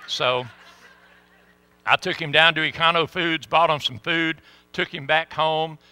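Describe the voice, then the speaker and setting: Folksy man preaching, bright voice. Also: a little high, a little slow, clear, resonant tone. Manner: folksy, animated storyteller. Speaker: pastor. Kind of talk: sermon storytelling.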